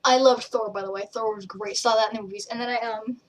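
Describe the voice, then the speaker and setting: A young woman with a fairly high voice rambles through a casual vlog, skipping from one tangent to another and acting out little quotes. She sits a bit back from the mic, so the voice sounds slightly distant. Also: steady tone, fast. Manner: rambling, jumps between tangents, acts out quotes. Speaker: vlogger and page admin. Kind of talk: casual rambling chat to camera.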